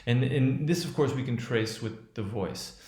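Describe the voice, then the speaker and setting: Male teacher, mid-range voice, halting delivery full of restarts and tag questions, recorded in an echoey room. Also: medium pitch, darkish tone. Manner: halting, with many restarts and fillers; checks in with "right?". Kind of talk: lecture analyzing a speech.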